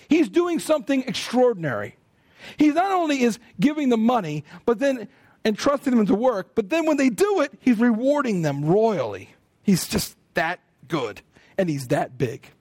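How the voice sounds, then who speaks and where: High, lively American preacher. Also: male voice, no room sound, clean studio sound. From United States. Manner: animated storytelling, acting out quoted speech. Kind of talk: sermon.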